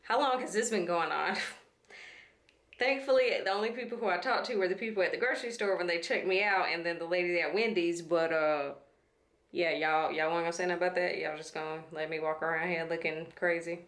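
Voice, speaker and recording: A woman's voice: lowish voice, fairly even intonation, brisk, fairly bright tone, no room sound. A woman, chatting frankly and casually to the camera in a vlog, swearing freely. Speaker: vlogger. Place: in a car. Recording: clear car road noise.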